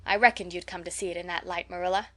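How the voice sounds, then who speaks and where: A woman reading an audiobook and voicing a shy, mild elderly bachelor who speaks softly and reassuringly. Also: lowish voice, steady tone, quick pace, lightly acted. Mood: gentle.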